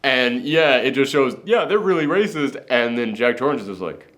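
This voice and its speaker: A young man co-hosting a casual film review, talking fast and loose and slipping into mocking voices of characters. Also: medium pitch. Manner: animated, jumps into mocking impressions. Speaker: podcast co-host. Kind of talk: casual movie review chat.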